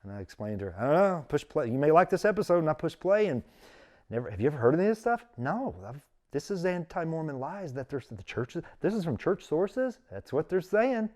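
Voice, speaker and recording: A man's voice: on the high side, fairly quick. A middle-aged man, a guest on an interview show, telling a personal story with earnest feeling and quoting his own thoughts aloud. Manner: earnest, emotional, animated retelling with quoted inner thoughts.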